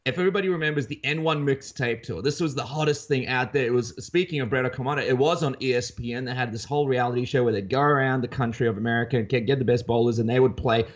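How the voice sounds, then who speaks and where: An Australian man co-hosting a podcast in casual chat, telling stories in an animated way with many restarts. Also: medium pitch. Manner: rapid, animated storytelling with frequent restarts. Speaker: podcast co-host. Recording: dull lo-fi sound.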